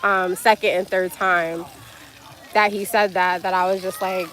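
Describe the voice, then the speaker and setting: A woman's voice: on the low side, fairly even intonation, unhurried, a bit bright, a little hiss or hum, low-quality recording. A woman livestreaming outdoors at a splash pad, telling a frank, emotional story, swearing freely and breaking off to talk to her child. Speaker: livestreamer mother.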